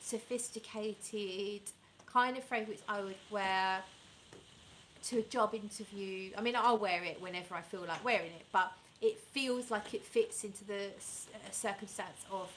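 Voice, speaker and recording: A woman's voice: mid-range voice, unhurried, a bit bright, slight background noise, rough recording. A woman vlogging casually about perfumes, chatty and enthusiastic, rambling and correcting herself as she reads viewer comments. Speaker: fragrance vlogger. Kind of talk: casual chat reviewing perfumes and reading live comments.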